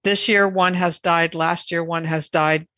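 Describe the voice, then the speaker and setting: Woman guest, bright and forceful, dry close mic, measured and earnest. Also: on the low side, fairly even intonation, no echo. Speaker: animal rights advocate guest. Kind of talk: podcast interview.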